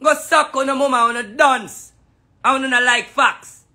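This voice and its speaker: Brief: a Jamaican man with a very bright, piercing voice, ranting profanely at his critics. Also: extremely high pitch, moderate pace. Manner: heated, profane, repetitive taunting in patois. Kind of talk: angry ranting monologue.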